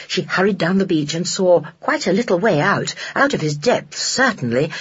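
A narrator reading a children's novel aloud in a gentle, measured storytelling manner. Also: mid-range voice, husky, no echo. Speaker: audiobook narrator. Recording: dull lo-fi dry recording.

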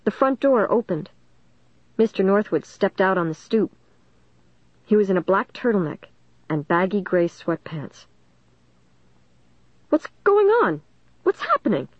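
A woman reading a first-person story aloud in a steady, measured way. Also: mid-range voice, dry recording, muffled recording. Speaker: audiobook narrator.

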